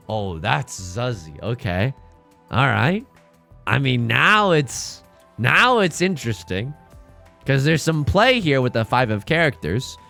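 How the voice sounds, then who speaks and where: A man streaming a live card-and-tile game, commenting in a jokey, animated way with dramatic outbursts. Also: medium pitch, vocal fry.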